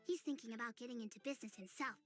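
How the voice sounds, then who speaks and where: A woman's voice: racing, faint music behind, close to an everyday voice. A woman voicing a dreamy, odd tea-party hostess. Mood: whimsical. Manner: dreamy, rambling, sudden leaps in pitch.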